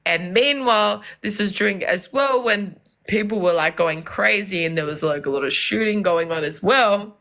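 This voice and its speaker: A young woman from Lebanon telling animated stories in casual chat, acting out the people she quotes. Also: mid-range voice, moderate pace, few pauses. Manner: animated, acts out voices in quoted dialogue. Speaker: podcast guest. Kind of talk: casual storytelling.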